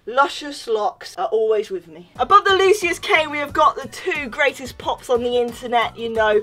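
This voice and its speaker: A woman's voice: a little high, moderate pace, soft background music. A woman giving a playful room tour of her bedroom, jokey and giddy, now and then breathless. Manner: giddy, jokey, shifts into excited squeals. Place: bedroom, indoors.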